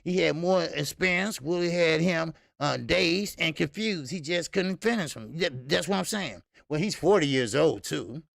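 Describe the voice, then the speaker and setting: A man's voice: fairly high pitch, animated, moderate pace, gravelly, few pauses, a bit bright, dry recording, studio quality. A man hosting a live boxing stream, greeting viewers and ranting casually with lots of fillers and profanity. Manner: loose, profane, rambling with many fillers. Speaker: boxing channel host.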